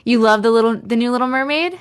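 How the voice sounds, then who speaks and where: A woman with a Long Island accent, chatting casually on a livestream and reading viewer comments, talking in a chatty, animated way full of giggles. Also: on the high side, quick pace, clear, resonant tone. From Long Island, New York. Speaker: livestream host.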